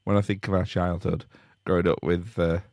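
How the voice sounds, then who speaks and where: A man's voice: deep voice, flat delivery, a little fast, darkish tone, no room sound, clean studio sound. A middle-aged man, telling wry anecdotes in a casual podcast chat and chuckling as he goes. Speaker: podcast co-host.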